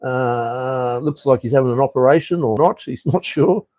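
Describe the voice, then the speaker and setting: A man's voice: medium pitch, normal speed, a little mellow, no room sound, rough recording. Rambling Australian man, dry close sound. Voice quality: rambling, with frequent ums and uhs. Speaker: live stream host. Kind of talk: casual live stream chat. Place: room overlooking a street. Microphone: camera he turns toward the street.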